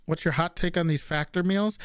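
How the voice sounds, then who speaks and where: Casual streamer, Northeastern US accent. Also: male voice, on the high side, brisk, clear, resonant tone, dry recording, clean studio sound. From Northeastern United States. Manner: reads viewer questions aloud and answers offhandedly, swears casually. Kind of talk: casual chat with stream viewers.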